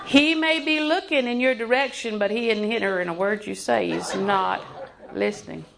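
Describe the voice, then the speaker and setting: A woman in her sixties preaching a sermon in a folksy, joking way, sometimes dropping to a hushed voice for emphasis. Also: medium pitch, normal speed, vocal fry, noisy background.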